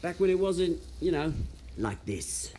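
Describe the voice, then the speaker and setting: British fallen-aristocrat brawler, game character, theatrical, resentful, high-pitched, very lively, backing music. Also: male voice, measured pace, a crowd in the background. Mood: nostalgic. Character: bitter, brash young British man fallen from wealth. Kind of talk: video game voice acting.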